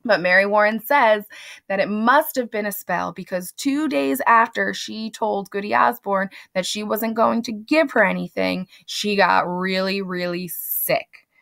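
A woman's voice: mid-range voice, a little slow, gravelly, fairly bright tone. A woman teacher casually summarizing a literary text for students in a conversational, chatty way. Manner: conversational, chatty, with fillers and asides. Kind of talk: casual spoken lesson summary.

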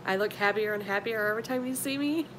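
A woman, chatting casually on a live stream and greeting viewers with affectionate pet names. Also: fast. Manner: chatty, affectionate, calls viewers honey and sweetie. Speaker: live-stream beauty vlogger. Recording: noisy with low rumble.

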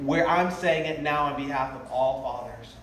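A man's voice: mid-range voice, fairly bright tone. Earnest preacher man, distant and roomy. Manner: earnest, pleading, tender, drawn-out phrases. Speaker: revival preacher. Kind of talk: emotional sermon. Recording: roomy, distant live sermon audio with faint noise.

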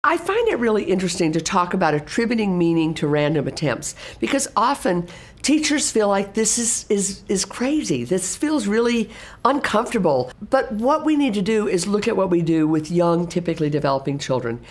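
A middle-aged woman speaks at a mid pitch about teaching strategies. She talks animatedly and slips into exaggerated teacher voices to act out classroom moments. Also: big pitch swings, fairly quick. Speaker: assistive technology specialist and educator. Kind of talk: explanatory talk on teaching practice.

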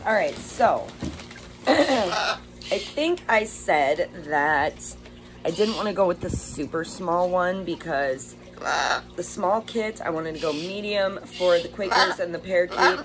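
A woman's voice: on the low side, lively intonation, takes it slowly, low-quality recording. A woman chatting casually while unboxing bird toys, gushing over them and talking to her pet birds at home. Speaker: bird rescue vlogger.

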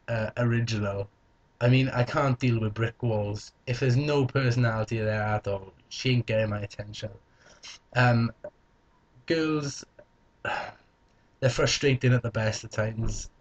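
A young man vlogging casually, answering viewer questions in a joking, playful way. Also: medium pitch. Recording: slightly dull lo-fi recording.

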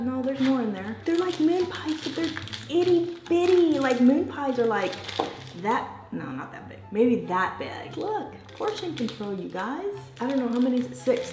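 A woman's voice: mid-range voice, echoey room. A woman with an American accent hosting a casual taste-test vlog, chatting straight to her viewers. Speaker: vlogger.

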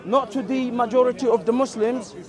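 A man in an open-air debate, explaining points at length, cutting in on others and reciting Arabic verses quickly. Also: very high voice. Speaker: street debater. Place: outdoor public park.

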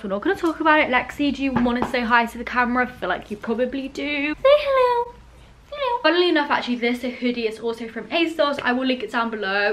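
A young woman vlogging at home while unboxing, gushing and filling her talk with "like" and "oh my god.". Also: fairly high pitch. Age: young adult. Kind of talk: casual unboxing vlog. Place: at home indoors. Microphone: handheld camera.

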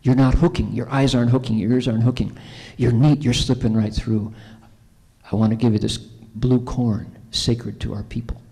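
A man's voice: medium pitch, flat delivery, normal speed, creaky, mellow, lightly acted. A man speaking as a stern, earnest messenger bringing a sacred gift, in a hall. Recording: long hall reverb.

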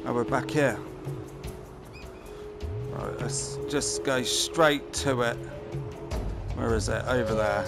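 A gameplay commentator talks casually and swears while playing a game, muttering to himself over game music. His mid-range voice is slow, and he pauses often.

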